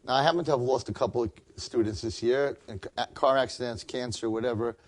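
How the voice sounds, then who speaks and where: A middle-aged rabbi telling an inspirational story in a chatty, informal way, acting out the dialogue and building to excited peaks. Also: male voice, medium pitch, a little fast.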